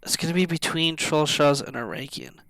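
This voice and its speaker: A man casually commenting on an online game as he plays it on a live stream, musing aloud in halting self-talk. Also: a little high, a bit bright, no room sound.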